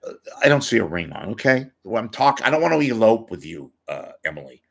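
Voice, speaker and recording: An older man hosts a livestream, chatting casually in a rambling, self-mocking manner. His voice is low, sing-song, brisk, gravelly, husky, and a bit bright.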